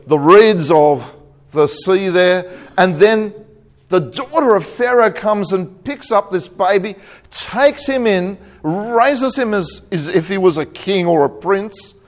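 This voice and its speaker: A man preaching a sermon, telling a joke and laughing at his own punchlines. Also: fairly high pitch. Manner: jokey storyteller, chuckles at own jokes.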